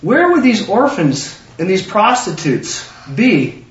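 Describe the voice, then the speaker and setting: Lively male preacher, high pitch, plays the scripture figures in voices; dull lo-fi distant room recording. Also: takes it slowly. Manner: animated, acts out biblical figures in excited voices. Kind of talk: sermon. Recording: roomy, distant, dull lo-fi sound.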